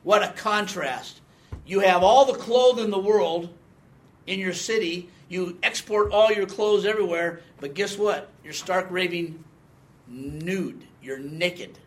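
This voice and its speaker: A man's voice: high-pitched, slow. A man in his sixties giving a conversational Bible teaching, quizzing the class and reading scripture with emphasis. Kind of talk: teaching sermon with audience questions.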